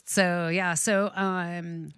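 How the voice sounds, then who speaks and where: Animated middle-aged woman telling a story. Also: on the low side, very slow, clean tone, dry recording, clean studio sound. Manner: animated storyteller, acts out dialogue, laughs often. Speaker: real estate investor. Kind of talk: casual storytelling chat.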